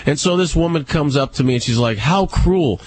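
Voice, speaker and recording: A man's voice: fast, no room sound. A middle-aged man telling stories on a radio talk show, acting out both sides of each exchange. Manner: animated, acts out both sides of quoted exchanges in a higher voice. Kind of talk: casual storytelling on talk radio.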